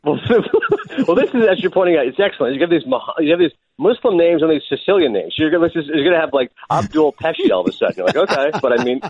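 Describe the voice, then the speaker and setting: A man calling in as a guest, chatting casually and telling stories with animated energy. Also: on the high side, slightly rough, no room sound. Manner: fast, animated storytelling with quick laughs. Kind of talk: casual chat. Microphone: phone call. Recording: tinny phone line.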